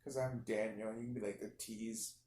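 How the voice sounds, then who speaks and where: A young man quietly telling a goofy, meandering made-up story as a vlogger, with many restarts and fillers. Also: fairly low pitch, little pitch movement, brisk, slight background noise. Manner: speaks quietly. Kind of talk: rambling improvised storytelling. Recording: roomy echo.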